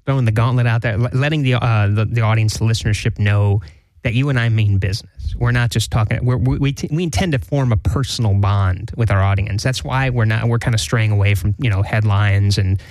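A man co-hosting a casual studio chat with a lowish voice. He rambles, restarts sentences and chuckles as he goes. The recording is close and dry, with no room sound. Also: steady tone, fairly quick, a little mellow, no room sound. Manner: rambling, self-interrupting, laughs often. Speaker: podcast co-host.

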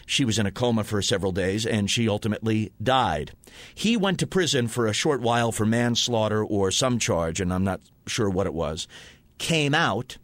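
A man's voice: lowish voice, expressive, normal speed, no echo. A man co-hosting a radio talk show, telling stories in a rambling way with lots of fillers and self-corrections. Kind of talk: casual on-air chat, storytelling.

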